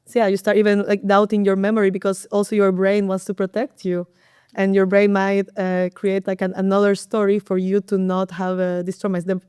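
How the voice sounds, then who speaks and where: Smooth-voiced woman therapist explaining. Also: medium pitch, completely flat delivery, fairly quick, a little mellow, no room sound, clean studio sound. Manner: thoughtful, hesitant, with fillers and restarts. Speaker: sex and couples therapist. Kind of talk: explanatory podcast talk.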